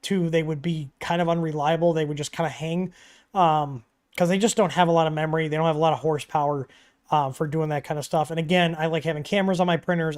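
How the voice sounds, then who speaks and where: A man hosting a casual livestream Q&A, talking in a relaxed, chatty way with frequent ums and asides, from a home studio. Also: a little high. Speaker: livestream host answering 3D printer questions. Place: home studio with dogs nearby.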